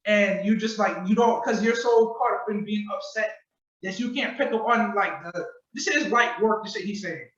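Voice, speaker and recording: High-voiced man, echoey distant call. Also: moderate pace, highs cut off. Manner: animated storytelling, acts out quotes, profane slang. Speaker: podcast host. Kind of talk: casual podcast commentary. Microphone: video call.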